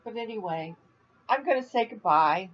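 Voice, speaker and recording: A woman's voice: mid-range voice, expressive, moderate pace, muffled recording. An older woman from Florida chatting casually on a home video vlog, rambling and laughing at her own jokes. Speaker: vlogger. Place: at home, indoors.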